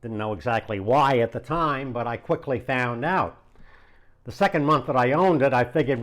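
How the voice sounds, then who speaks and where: A man's voice: mid-range voice, normal speed, fairly bright tone. A man, a landlord and real estate investor, telling an anecdote in a casual, conversational way with frequent chuckles. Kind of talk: anecdotal storytelling.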